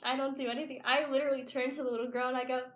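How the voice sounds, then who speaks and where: A woman's voice: high-pitched, little pitch movement, very fast, echoey room, slight background noise. A young woman telling a funny story in a casual, chatty way, full of "like"s. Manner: chatty, laughing, many "like"s. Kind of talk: casual anecdote.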